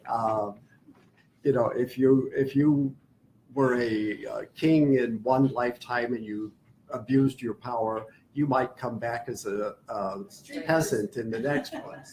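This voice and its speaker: A man joins in a class discussion to add his own explanation, at a middle pitch. He pauses often with "uh" and "um" as he works out his point. A faint hiss runs underneath. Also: fairly even intonation, darkish tone, low-quality recording. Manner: explains with hesitant fillers.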